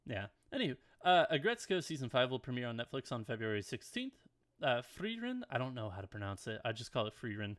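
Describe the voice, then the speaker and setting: A man's voice: mid-range voice, very animated, fast, fairly bright tone. A man co-hosting a casual podcast, reading anime news headlines from home and dropping blunt, swearing asides between items. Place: home, dog at his chair.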